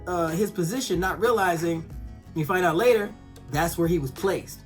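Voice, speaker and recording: Animated woman reviewing a show. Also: fairly low pitch, moderate pace, soft background music. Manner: animated, swears, acts out characters' lines. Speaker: TV episode reviewer. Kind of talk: casual spoken review.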